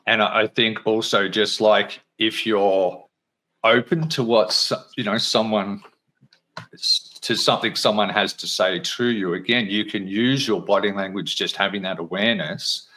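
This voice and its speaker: A man hosts a casual interview in a low voice with a bright, forceful edge. He sounds enthusiastic and builds his points out loud, restarting as he goes. He keeps the chat easygoing. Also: fairly even intonation, normal speed. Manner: enthusiastic, thinks aloud in restarts. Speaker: podcast host.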